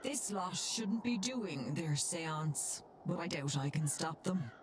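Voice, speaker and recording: Game role: a slow-spoken Irish hedge witch, low voice, sing-song earnest lines. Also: animated, a little hiss or hum. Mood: troubled. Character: worried Irish folk witch guarding the land.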